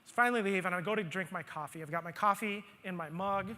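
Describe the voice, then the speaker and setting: A man speaking at a conference, telling a story from his own life in an animated way and acting out his own grumbling. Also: sits high, fast. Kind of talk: storytelling talk on stage. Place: conference hall stage. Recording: long hall reverb.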